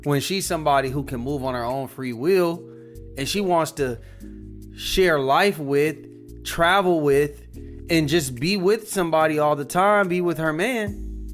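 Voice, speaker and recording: A man's voice: a little high, unhurried, faint music behind. A man hosting a commentary show, talking candidly and casually as he gives his opinions. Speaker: commentary channel host.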